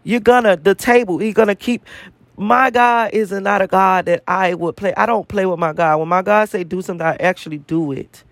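Man, high-pitched, profane repetitive rant, dry close sound. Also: normal speed, no echo. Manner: profane, emphatic, repeats phrases for emphasis. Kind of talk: casual spiritual rant to camera.

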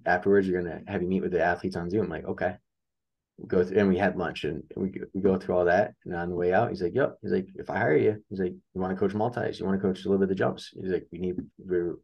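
A young man with a very low, deep voice talks casually as a guest on an interview show. He tells a story about his coaching career and plays each person's lines himself as it unfolds. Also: fast, creaky, breathy edge, lo-fi sound. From upstate New York. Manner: animated storyteller acting out quoted dialogue.

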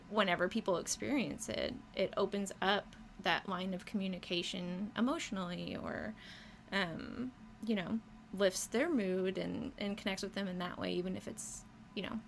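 Speaking at a moderate pace in a medium-pitched, fairly bright voice with a creaky, gravelly edge, this woman is a muralist guest chatting casually in an interview. Her enthusiasm bubbles over as she describes her work, sprinkling in plenty of "um" and "you know" and laughing easily. There's faint noise in the background.

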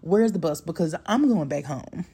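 A man's voice: on the high side, animated, normal speed, mellow, slightly rough. Man doing a sassy, blunt young woman.

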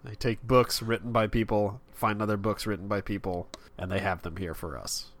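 A man's voice: lowish voice, steady tone, moderate pace, a bit bright. A man in his thirties co-hosting a podcast in casual chat, telling stories on himself with a laugh. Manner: self-deprecating, laughs while telling stories. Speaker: podcast co-host.

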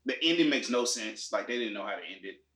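A man in casual chat about movies and shows, explaining his views in a relaxed way with many fillers. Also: fairly low pitch, fast talker. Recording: echoey room.

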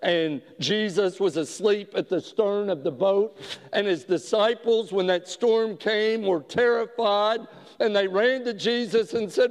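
A pastor tells a story from the pulpit, and his speech is slow and unhurried with many halting restarts. His voice sits a little high for a man. The sound rings with the long reverb of a large hall. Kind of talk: sermon storytelling.

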